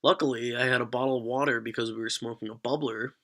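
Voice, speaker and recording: Bright-voiced young man telling a profane story. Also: medium pitch, fairly even intonation, fast talker. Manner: profane, rambling. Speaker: vlogger. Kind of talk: storytelling vlog.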